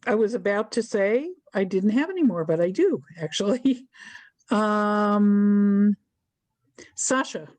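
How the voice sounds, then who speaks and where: A woman's voice: mid-range voice, takes it slowly, darkish tone, dry recording. A woman moderating a talk over a video call, in a hesitant, friendly way.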